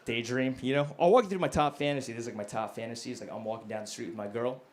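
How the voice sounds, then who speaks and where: A male stand-up comedian doing a crude, self-mocking set, dropping to low mumbles and then bursting out loud. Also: very fast. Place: comedy club stage. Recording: live club recording with noticeable background noise. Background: audience laughter.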